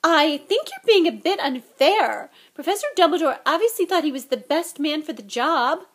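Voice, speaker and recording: A woman's voice: high-pitched, lively intonation, normal speed, a bit bright, pitched above the performer's own voice. A woman voicing an anxious, clever schoolgirl witch who speaks precisely, in an audiobook reading. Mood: earnest. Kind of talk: audiobook character voice.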